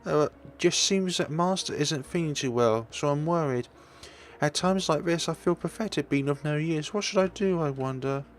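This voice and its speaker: A man's voice: fairly high pitch, normal speed, a little hiss or hum, voice pushed up, natural voice. A man voicing a worried young servant who frets over a sick master. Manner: fretful, pleading.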